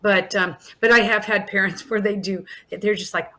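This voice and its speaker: A woman from Alaska in her forties who runs an in-home daycare chats in a casual podcast interview. She's warm and talkative, with lots of restarts and fillers, and speaks at normal speed with a medium pitch and steady tone.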